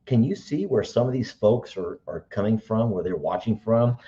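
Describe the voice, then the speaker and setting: A man's voice: fairly low pitch, animated, normal speed, mellow. A middle-aged man hosting a live stream in a chatty, teacherly way. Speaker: livestream host. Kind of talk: casual live-stream chat. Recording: dull lo-fi sound.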